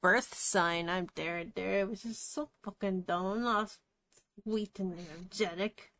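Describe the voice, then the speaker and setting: A woman's voice: mid-range voice, steady tone, a little slow, fairly bright tone, no echo. A woman hosting a podcast in casual chat, blunt and dry-humored, swearing freely. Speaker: podcast host.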